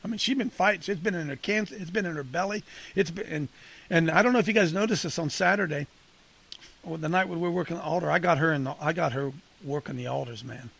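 A man with a gravelly, somewhat husky voice leads a men's group like a casual preacher. He talks conversationally and punchily, turning to listeners by name. His pitch sits a little high for a man. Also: quick pace, fairly bright tone. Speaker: coach leading a men's ministry group.

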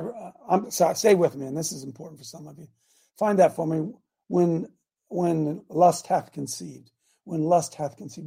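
A man with a high, gravelly voice preaches on his radio show, emphatic and rambling, often breaking off into asides. His tone is dark and husky rather than bright.

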